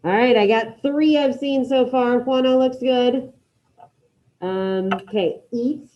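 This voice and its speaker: A woman with a fairly high voice runs an online class over a video call, brisk and encouraging. The sound comes through a dull, lo-fi computer mic. She keeps calling out students by name as she checks their work. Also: a little hiss or hum. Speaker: Spanish teacher.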